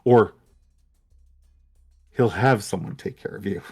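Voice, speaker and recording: Man, dungeon master, tabletop game narration, halting, restarts often, faint music. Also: lowish voice, husky.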